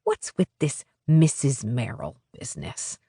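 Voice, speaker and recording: A woman voicing a genial middle-aged future mother-in-law in an audiobook, gently chiding and cosy, recorded dry. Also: very deep voice, sing-song, unhurried, vocal fry, husky, no room sound, heavily acted.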